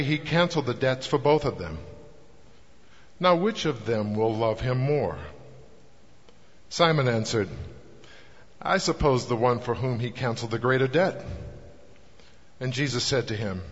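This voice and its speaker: A man reading a scripture passage aloud in a measured, solemn way. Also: medium pitch. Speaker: scripture reader. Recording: dull, long reverb in a hall.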